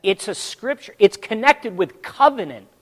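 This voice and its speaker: A man preaching a sermon to his congregation, telling a story dramatically and swinging between hushed and loud, calling out to the listeners. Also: sits high, big pitch swings, normal speed, long reverb tail. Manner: addresses the congregation directly.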